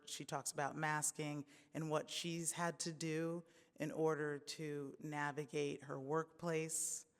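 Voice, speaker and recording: A man's voice: on the high side, clear, resonant tone. A man giving an academic lecture in a hesitant way, with fillers and restarts. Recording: reverberant hall.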